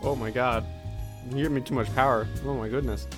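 A tabletop game player chatting casually, with excited exclamations. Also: medium pitch, fairly quick, music in the background. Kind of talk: casual chat.

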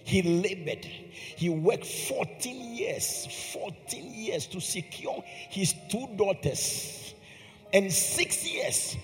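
A man's voice: high voice, lively intonation, extremely slow, big-room sound, soft background music. A man preaching a sermon with emphasis. He repeats phrases and puts questions to his listeners.

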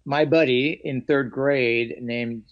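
A man's voice: medium pitch, slow pace. Martial arts teacher guy telling his story, acts out voices, kinda muffled lo-fi audio. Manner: animated, acts out quoted lines. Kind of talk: storytelling in a conversation. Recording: dull lo-fi audio.

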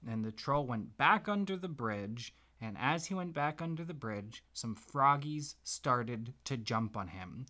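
A man gently making up a bedtime story for his child, pausing as he thinks of what comes next. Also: mid-range voice, animated. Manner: gentle, unhurried, makes the tale up as he goes. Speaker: parent telling a story.

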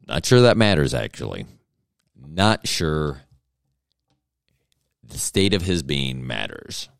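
A man's voice: very deep voice, very animated, slow pace, gravelly, clean tone, no room sound, studio quality. A man hosting a solo podcast, rambling through jokes and self-deprecating asides. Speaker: podcast host.

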